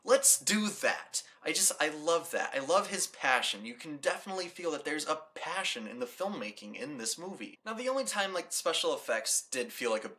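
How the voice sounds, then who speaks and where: A man's voice: on the high side, animated, fairly quick, few pauses, bright, forceful tone. A young man from the United States hosts a casual movie review show. He talks with enthusiasm and rambles, with many repeated "like"s and restarts. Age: young adult. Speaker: host of a movie review channel.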